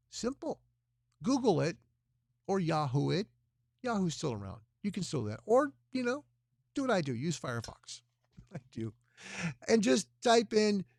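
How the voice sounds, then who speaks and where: Male livestream host, earnest rambling appeal, gravelly, dry and close. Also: high voice, a little mellow, no echo. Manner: rambling, earnest, talks with his hands.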